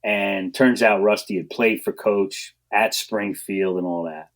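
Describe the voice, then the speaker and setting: A man, a guest on a podcast, telling stories about his coaching career in an animated way, acting out what people said and laughing often. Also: lowish voice, measured pace. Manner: animated storyteller, acts out quotes, laughs often. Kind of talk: storytelling in a podcast interview.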